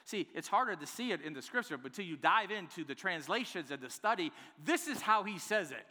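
A man preaching a sermon to his church, swinging between hushed, drawn-out lines and loud, emphatic ones. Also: sits high, very animated. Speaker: pastor. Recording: long hall reverb.

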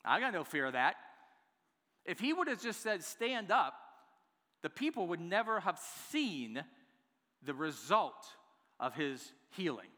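A man's voice: high voice, big pitch swings, a little slow, pauses often. Preacher man in a reverberant hall. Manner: dynamic preaching, swinging from hushed to loud. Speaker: pastor. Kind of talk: sermon.

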